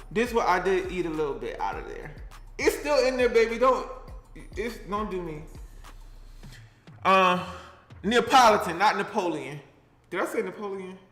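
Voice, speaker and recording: This casual cooking vlog features a young man with a high-pitched voice who's chatty, easygoing, and sassy, talking to the camera and to his things as he cooks. The sound is roomy.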